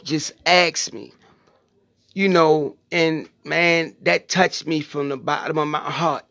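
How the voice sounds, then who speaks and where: A man's voice: high-pitched, vocal fry, fairly bright tone, no echo, clean studio sound. A middle-aged man hosting his own channel, speaking casually and earnestly to his viewers, rambling with many fillers and saying "y'all". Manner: informal Southern US speech with 'y'all' and 'ain't'. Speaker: channel host.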